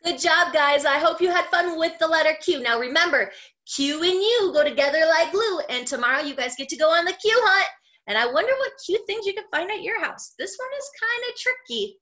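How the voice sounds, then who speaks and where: A woman teaching a phonics lesson to young children, sounding out words slowly and clearly and praising them cheerfully. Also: very high voice, animated, sharp tone, lo-fi sound. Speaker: kindergarten teacher.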